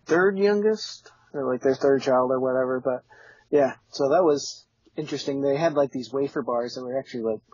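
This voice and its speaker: Podcast guest, male, husky, halting delivery, dry and dull sound. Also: mid-range voice, darkish tone, no room sound. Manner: hesitant, halting, many fillers. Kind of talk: casual podcast chat.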